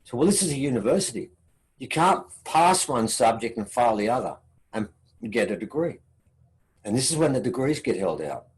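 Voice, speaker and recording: A man's voice: big pitch swings, moderate pace, low-quality recording. An Australian man giving a conference talk, telling a story and acting out the dialogue in it. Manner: acts out quoted dialogue with shifting pitch. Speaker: conference speaker.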